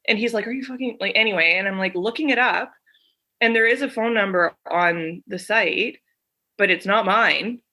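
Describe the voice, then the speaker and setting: A woman's voice: medium pitch, sharp tone. A woman co-hosting a podcast, retelling a phone call in casual chat and acting out both sides of it. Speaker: podcast co-host.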